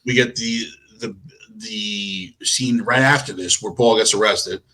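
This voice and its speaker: A man's voice: lowish voice, unhurried, bright, forceful tone. A man co-hosting a podcast, chatting casually about a movie, enthusiastic, laughing often and swearing casually. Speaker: podcast co-host. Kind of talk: casual movie review chat.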